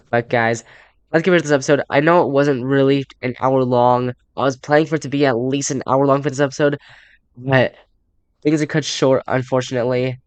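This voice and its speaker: A man's voice: medium pitch, fairly even intonation, normal speed, clean tone, no room sound. Chatty young male gaming YouTuber. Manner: chatty and rambling, with upbeat sign-offs. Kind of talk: casual let's play commentary and game text reading.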